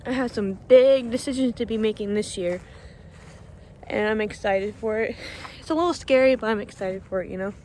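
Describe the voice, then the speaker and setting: Young woman, casual outdoor vlog, soft and emotional, slightly breathless, faint outdoor hiss. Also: a little high, moderate pace. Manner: soft-spoken, emotional, laughs often. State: breathing a little hard from cold. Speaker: vlogger. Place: outdoors by a pond at dusk.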